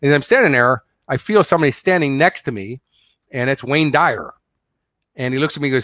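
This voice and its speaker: In a casual motivational webinar, a middle-aged man working as a business coach tells stories earnestly and conversationally, using lots of fillers. His medium-pitched voice is expressive, fairly quick, and a bit bright. The recording is dry, with clean studio sound.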